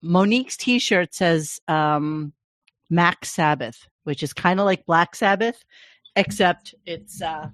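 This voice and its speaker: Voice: medium pitch, slow, fairly bright tone, no room sound, clean studio sound. A podcast host in casual chat, chatty and rambling, with laughing asides.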